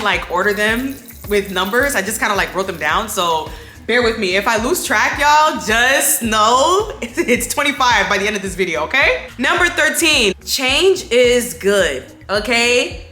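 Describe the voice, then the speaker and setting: A woman's voice: medium pitch, reverberant. A woman, chatting casually and emphatically while doing her makeup at home at night. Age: 20s. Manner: animated, emphatic, preachy motivational. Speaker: beauty vlogger.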